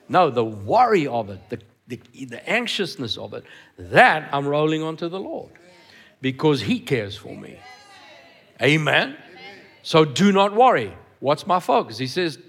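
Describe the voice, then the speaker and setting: A man's voice: a little high, fairly bright tone. A man preaching a sermon as pastor in a church, emphatic, repeating words for stress and asking the congregation questions. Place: church hall.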